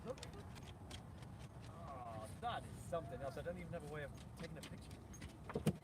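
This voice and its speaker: A man's voice: a little high, a little fast, very noisy. A man with an English accent chatting cheerfully and playfully from his kayak out on the water. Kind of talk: casual chat.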